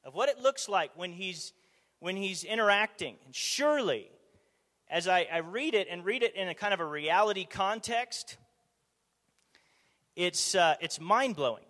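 A man preaching a conversational sermon, animated, asking the audience rhetorical questions, in a church or meeting hall. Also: sits high, unhurried. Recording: long hall reverb.

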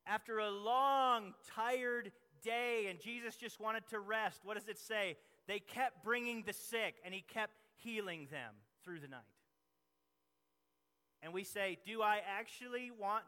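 Passionate young man preaching in a hall. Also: high voice. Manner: passionate preaching, swinging between loud emphasis and hushed asides. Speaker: pastor. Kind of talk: sermon. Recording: long hall reverb.

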